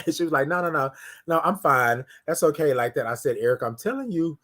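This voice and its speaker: A man hosting a casual morning livestream, telling a story with lively quoted voices and repeated words. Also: a little high, quick pace. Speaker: host.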